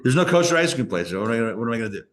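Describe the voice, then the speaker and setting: A man's voice: medium pitch, sing-song, racing, a bit bright. A man who is a rabbi, teaching a live class in a casual, anecdotal way and often restarting his sentences. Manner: conversational, anecdotal, with many restarts. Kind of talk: live lecture with stories. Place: live class in a Torah center.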